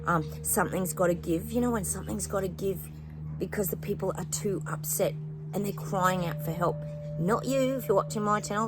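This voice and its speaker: Casual, rambling woman host with a lowish voice who talks straight to her viewers, with background music under her. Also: rough recording. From New Zealand. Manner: chatty, rambling, lots of fillers and asides to viewers. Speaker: psychic channel host. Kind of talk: casual spoken predictions to viewers. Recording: music playing behind.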